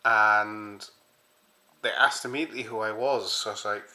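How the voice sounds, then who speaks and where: Bright-voiced Englishman chatting casually. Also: on the low side, moderate pace. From south coast of England. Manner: rambling, restarts sentences often. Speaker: fan channel host. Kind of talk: casual talk to camera.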